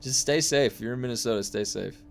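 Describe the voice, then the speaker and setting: A man's voice: mid-range voice, fast talker, vocal fry, soft background music. A young adult man streaming, chatting casually with viewers in a rambling way full of fillers and restarts. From United States. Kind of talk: casual chat reading viewer comments.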